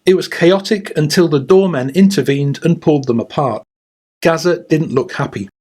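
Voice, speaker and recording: A man narrates a scripted documentary for his channel in a fairly high voice. His delivery is measured and wry. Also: darkish tone, husky. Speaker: YouTube host.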